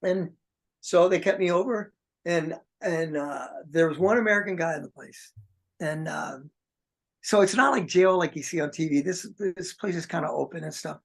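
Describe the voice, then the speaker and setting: A man's voice: a little high, normal speed, gravelly. Rambling male musician telling a story. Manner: rambling, many restarts, acts out quoted voices. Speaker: interview guest, musician. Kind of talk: casual storytelling.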